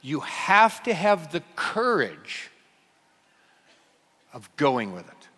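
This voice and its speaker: A man preaching a sermon in an animated, emphatic way, slowing down to stress key phrases. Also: a little high. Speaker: pastor. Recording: reverberant hall.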